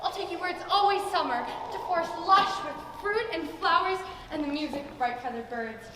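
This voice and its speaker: A woman playing a gentle, coaxing wind spirit of summer in a stage play, with a sing-song, enticing manner. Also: very high-pitched, a little fast. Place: school theater stage. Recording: distant, echoey theater hall.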